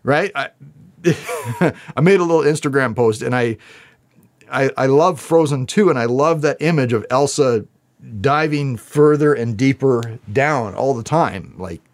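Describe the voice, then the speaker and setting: Speaking to camera, a man reacts to song lyrics with earnest, spiritual and emotional heartfelt commentary, laughing often. His voice is mid-range and unhurried.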